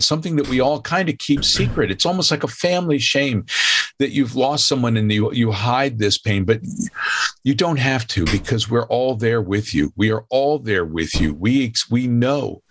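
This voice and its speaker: A man's voice: mid-range voice, fairly bright tone, no room sound, clean studio sound. A man hosting a charity stream, talking in a heartfelt, emphatic way. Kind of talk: casual chat.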